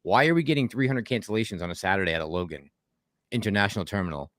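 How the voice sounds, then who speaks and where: A man's voice: fairly low pitch, animated, rapid-fire, a bit bright, dry recording, clean studio sound. Chatty man. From Boston. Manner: chatty, rambling, laughs often. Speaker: livestream host. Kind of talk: casual livestream chat reading viewer comments.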